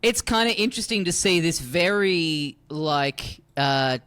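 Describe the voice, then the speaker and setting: A man's voice: a little high, lively intonation, measured pace, fairly bright tone, clean tone. A man co-hosting a casual gaming podcast, rambling through stories, swearing and laughing often. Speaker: podcast co-host. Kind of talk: casual chat.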